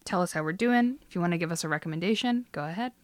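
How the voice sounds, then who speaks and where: A woman's voice: fairly low pitch, very fast, no echo. A woman co-hosting a casual podcast, chatty and laughing easily. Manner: laughing, encouraging listener. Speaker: podcast co-host.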